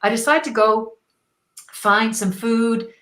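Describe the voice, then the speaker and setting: A Canadian woman appears as a guest on an interview show, sharing a personal story in an enthusiastic, expressive, spiritual manner. Her voice sits on the high side and moves slowly, and the poor audio is reverberant.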